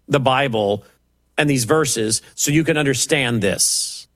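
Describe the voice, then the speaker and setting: A man's voice: medium pitch, measured pace, a bit bright, dry recording. Impassioned man teaching scripture. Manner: impassioned, rising to emphatic preaching on scripture; rhetorical questions and mocking asides. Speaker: Bible teacher. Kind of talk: verse-by-verse Bible teaching. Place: at a computer, typing up passages.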